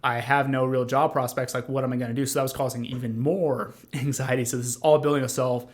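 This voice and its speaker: A young man recounts his own story as a podcast guest in a flat, level voice that barely rises or falls. He talks in an earnest, rambling way, full of fillers and restarts. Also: medium pitch, quick pace. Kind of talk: conversational storytelling.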